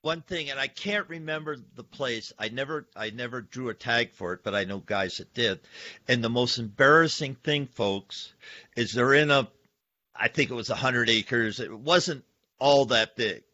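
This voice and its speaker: A male podcast host with a bright, forceful voice tells a story with lively energy and keeps talking to "folks". His sound is a bit dull and lo-fi, and it is dry, with no room echo. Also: medium pitch, moderate pace. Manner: animated storyteller, addresses listeners as folks. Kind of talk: casual podcast conversation.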